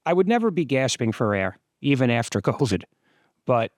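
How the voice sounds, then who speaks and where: A man in his fifties, host of his own channel, gives relaxed voice-over commentary explaining sparring footage. His pitch is medium and his pace normal, recorded at studio quality with no echo.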